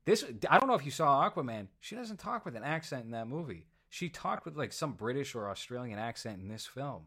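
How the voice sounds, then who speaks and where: A man's voice: medium pitch, big pitch swings, fairly quick, pushed and bright. A man hosting a casual movie review chat, opinionated and given to sarcastic asides. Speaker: podcast host.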